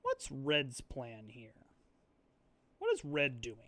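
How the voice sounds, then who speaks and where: A man's voice: mid-range voice, wildly swooping pitch, slow, a bit bright, no echo. A young man hosting a board game video, rambling chattily through his moves, with lots of fillers and restarts. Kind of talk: casual thinking-aloud play commentary.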